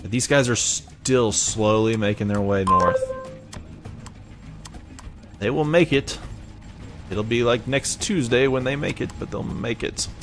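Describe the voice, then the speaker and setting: A man's voice: medium pitch, slow pace, long pauses, music in the background. A man with a Southern US accent giving casual, rambling gameplay commentary, chatty and self-mocking. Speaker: let's play gamer.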